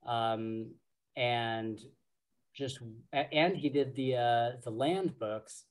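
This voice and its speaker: A man co-hosting a podcast, chatting casually about books in a halting way full of fillers and restarts. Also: medium pitch. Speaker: podcast co-host. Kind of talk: casual book discussion.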